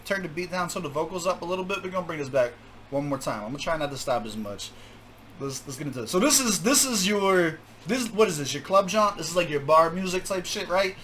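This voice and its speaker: A man hosting a music reaction video, talking casually with jokes, laughter and quick asides. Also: fairly high pitch. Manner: animated, laughing, joking asides.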